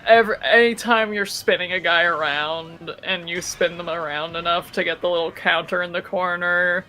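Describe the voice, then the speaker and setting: A man's voice: high-pitched, steady tone, moderate pace, bright, forceful tone, soft background music, rough recording. A young man co-hosting a casual podcast, rambling and laughing often. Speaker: podcast co-host. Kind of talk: casual chat.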